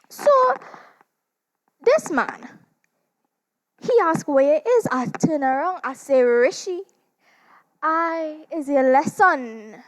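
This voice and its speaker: A woman with a Trinidadian accent performing a theatrical monologue as a seductive demon woman with a cloven hoof. She draws her words out slowly and teasingly, and her loudness rises and falls sharply. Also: sits high, heavily acted. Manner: teasing, slow and drawn out, big swings in loudness. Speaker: stage performer in a dramatized literature competition.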